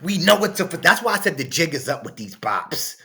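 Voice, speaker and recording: A reaction host speaking talks over a clip, cursing freely. His voice leaps all over the place, sinking to low mutters and then jumping up into high shouts. The style is loose, casual commentary. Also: sing-song, fairly quick. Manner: loud, swinging from mutters to shouts, profane.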